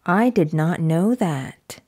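A woman's voice: on the low side, expressive, slow, darkish tone, slightly rough, voice pushed down, heavily acted. A woman voicing a cautious, worried male elephant who keeps asking puzzled questions, in a children's picture book read-aloud.

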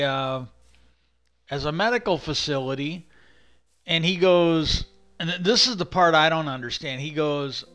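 Bright, exasperated man rambling. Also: on the high side. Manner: rambling, exasperated, swears freely. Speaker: livestream host. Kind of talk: casual rambling monologue.

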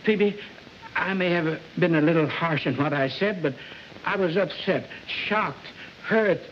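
An actor plays a flustered man running a record company, blustering one moment and coaxing the next. His voice runs high, and the old recording is dull, with a faint hiss. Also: measured pace, lightly acted. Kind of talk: 1940s film acting. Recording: dull old film soundtrack.

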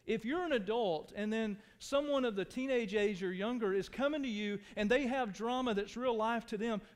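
A pastor preaching a sermon to his church, earnest, dropping to hushed tones and rising to pleading. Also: high-pitched, normal speed, clean tone. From Texas. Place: church sanctuary. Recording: long hall reverb.

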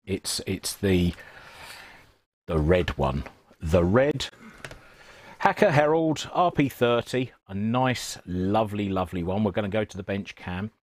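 A man's voice: on the low side, moderate pace, hardly any pauses, dry recording. A man chatting casually as a guest presenter on a live stream from a radio repair workshop, full of teasing, joking banter.

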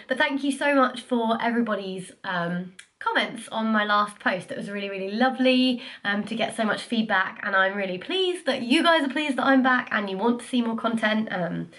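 A woman's voice: medium pitch, fairly bright tone. A young woman, chatting casually to camera about her life, sniffly, self-deprecating and full of fillers. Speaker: vlogger.

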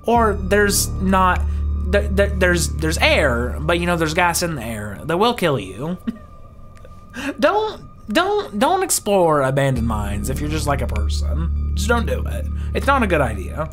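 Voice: mid-range voice, sing-song, unhurried, soft background music. A game streamer reading a horror visual novel's narration aloud and rambling in asides with many restarts.

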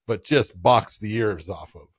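Man, slightly low voice, animated storyteller, casual podcast chat, dry studio sound. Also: a little slow, husky, no room sound. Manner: animated storyteller, loose and profane. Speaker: podcast co-host.

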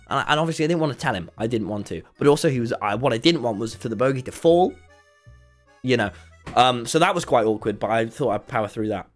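A man casually telling a story, rambling and breaking off with laughter. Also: medium pitch. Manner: rambling, self-interrupting, laughing. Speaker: streamer.

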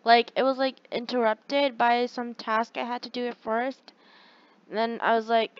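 A woman giving casual commentary over her own gameplay, excitable and chatty with her viewers, gasping and groaning at every setback. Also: on the high side, measured pace, smooth, muffled recording. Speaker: gaming channel host.

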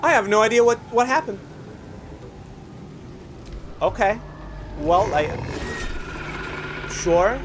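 A man giving casual let's-play commentary while he games, excitable, profane and often exasperated. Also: high voice, takes it slowly, pauses often, noisy background. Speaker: gaming video host.

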